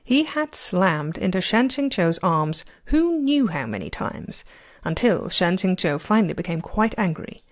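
A woman narrating a novel chapter as an amateur reader, with a steady, expressive delivery. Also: lowish voice, a little slow. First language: not Chinese. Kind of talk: audiobook narration.

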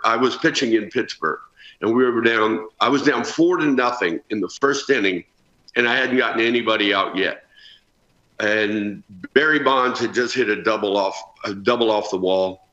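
A man in his sixties, a former ballplayer guest telling stories earnestly in a remote news interview. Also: lowish voice. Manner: earnest, animated storytelling. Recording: roomy, dull remote feed.

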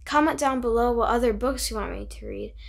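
Woman host, kids' book read-aloud, bubbly and chatty, slightly higher voice. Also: lively intonation, brisk, creaky. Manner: bubbly, chatty, reacts to the pictures. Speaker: host reading picture books aloud.

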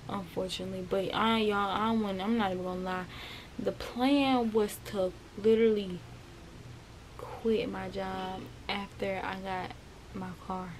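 A woman's voice: medium pitch, darkish tone, slight background noise. A young woman chatting casually to her viewers in a vlog from her bedroom, often calling them y'all. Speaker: vlogger.

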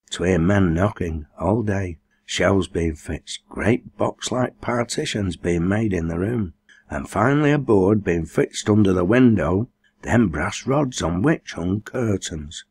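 A man's voice: deep voice, a little slow, darkish tone, slightly rough. A man reading a novel aloud as an audiobook, raising his voice for the dialect dialogue. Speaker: audiobook reader. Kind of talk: scripted narration.

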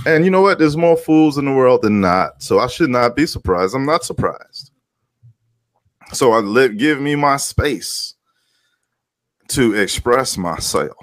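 Man, vlogger, profane rant, heated, repetitive, middle pitch, dry close sound. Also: lively intonation, unhurried, no echo. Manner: heated, emphatic, swears a lot, repeats himself; greets viewers by name. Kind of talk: profane ranting commentary.

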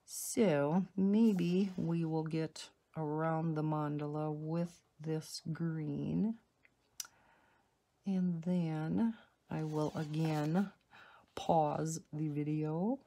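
A woman's voice: sits low, fairly even intonation, very slow, dark tone. A woman hosting a coloring channel, chatting casually and rambling through asides while she colors at home. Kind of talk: casual color-along chat. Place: home, indoors.

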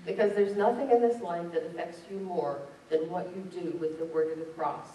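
A woman's voice: fairly low pitch, steady tone, normal speed, warm tone. A woman pastor preaching a sermon, reading scripture aloud and driving points home with rising emphasis. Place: church sanctuary. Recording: echoey church from a distance.

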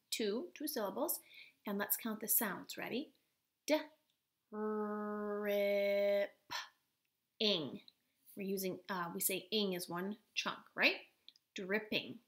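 A woman teaching first graders in a recorded video lesson, speaking gently and slowly and sounding out words for the children. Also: a little high.

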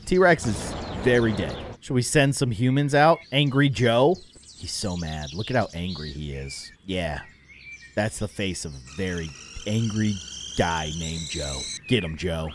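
A man giving excitable, jokey commentary while playing a video game. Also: mid-range voice, noisy background. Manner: excitable, jokey, yelps and laughs at the action. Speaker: gaming YouTuber.

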